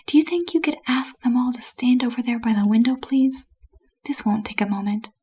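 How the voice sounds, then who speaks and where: A woman voicing an eager, naive male tourist in a whispered role-play, bright and polite. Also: a little high, a little fast, slightly rough.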